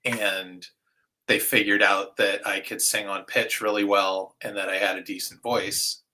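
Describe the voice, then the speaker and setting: A middle-aged man, a guest vocalist, chatting casually in an interview, relaxed, with many fillers and soft trailing phrases. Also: lowish voice, a little slow, low-quality recording.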